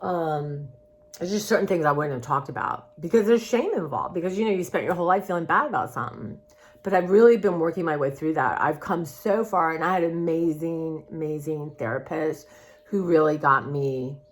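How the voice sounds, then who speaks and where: A woman's voice: low-pitched, brisk. A woman talking candidly in a personal vlog, rambling and heartfelt in a confiding way. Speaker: vlogger.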